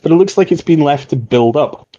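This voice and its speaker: A man narrating a tabletop role-playing game as game master, relaxed and rambling. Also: a little high, a little fast, muffled recording.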